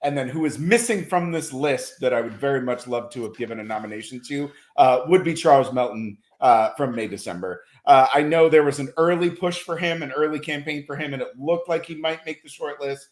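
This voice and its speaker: A man's voice: mid-range voice, brisk, hardly any pauses. A man who is a film critic, giving his picks in a casual chat, thoughtful and full of ums and restarts. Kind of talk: casual awards-preview chat. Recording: roomy echo.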